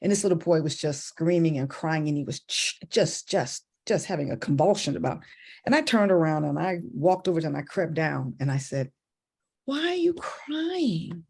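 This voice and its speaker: A woman in a church women's group telling a personal story in a casual, animated way. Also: a little fast, creaky. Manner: animated, acts out a child's voice in high pitch. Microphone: video call.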